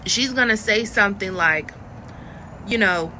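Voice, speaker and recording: A woman's voice: mid-range voice, a little slow, sharp tone, slight background noise. A woman giving a casual, frank voice lesson to camera as a coach, chatty and laughing at her own jokes. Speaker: voice coach for phone work.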